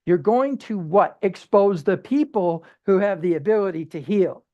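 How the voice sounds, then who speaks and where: This Bible study teacher sounds warm and expressive at a medium pitch, though the audio is dull. Speaking casually, he fires off rhetorical questions, restarts himself often, and voices ordinary people in brief quoted bits.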